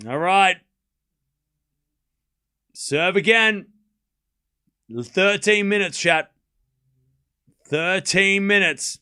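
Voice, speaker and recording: A man hosting a live tennis watchalong stream speaks extremely slowly with long pauses, his high-pitched voice bright, forceful and smooth. He calls each shot in short bursts, chats loosely with viewers between points, and swears offhand in this casual commentary.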